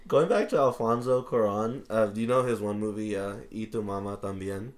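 A man in a casual podcast chat, blunt and profane, quick to laugh. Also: on the low side. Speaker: podcast co-host.

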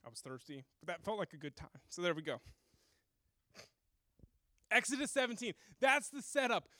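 A man preaching a sermon, retelling scripture in a lively storytelling way and acting out the people in it. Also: high voice, moderate pace, no echo. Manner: animated storytelling, acts out voices. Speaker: pastor.

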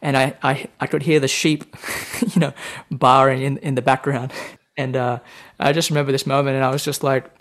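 An Australian man in his thirties talks as an interview guest, telling long anecdotes. He rambles and repeats words as he goes, animated and casual. His pitch sits in the middle for a man. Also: normal speed. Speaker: guest musician.

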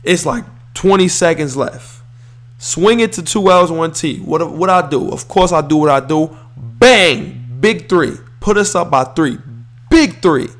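A man's voice: on the high side, measured pace. A young man hosting a podcast, retelling a basketball game in casual, boastful, profane slang, correcting himself as he goes. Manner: animated, boastful, profane, restarts and self-corrections. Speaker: podcast host. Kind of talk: casual storytelling.

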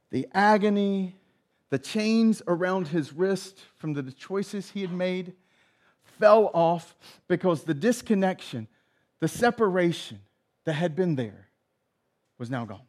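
A man's voice: sits high, lively intonation, slow, darkish tone. A male pastor giving a sermon, retelling a story and acting out the characters' lines. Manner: storytelling, acts out voices in retelling.

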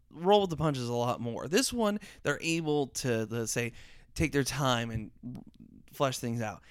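A man's voice: mid-range voice, animated, measured pace, clear, resonant tone, no echo, studio quality. A man chatting casually about a cartoon series, rambling with many fillers and restarts. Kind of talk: casual review chat.

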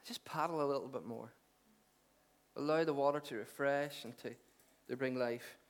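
Conversational pastor, joking then earnest. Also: male voice, mid-range voice, moderate pace. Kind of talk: sermon.

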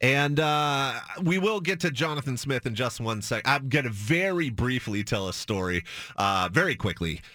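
A man's voice: mid-range voice, animated, moderate pace, bright, forceful tone, no room sound. A man hosting a sports radio show, chatting casually and telling an upbeat story from a studio.

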